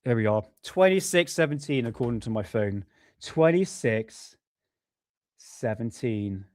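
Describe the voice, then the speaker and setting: A man's voice: medium pitch, animated, fairly quick, a little mellow. A man casually hosting a live stream, rambling, apologizing often and swearing offhandedly. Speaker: livestream host.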